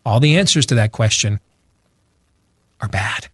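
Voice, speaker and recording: A man's voice: lowish voice, animated, measured pace, slightly rough, no echo, clean studio sound. A man giving opinionated talk-show commentary, emphatic, repeating phrases for force. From Iowa, US. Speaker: radio show guest.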